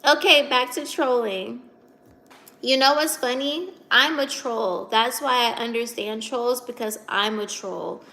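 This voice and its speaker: A woman's voice: a little high, measured pace, bright, forceful tone. A young woman from Virginia hosting a casual livestream, chatty and giggly as she reads out and answers comments. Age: 20s. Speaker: livestream host reading chat.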